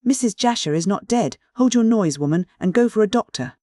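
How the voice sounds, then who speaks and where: An audiobook reader voicing a brusque, commanding gentleman who speaks in an abrupt military manner. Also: medium pitch, big pitch swings, brisk, no echo, clean studio sound, lightly acted.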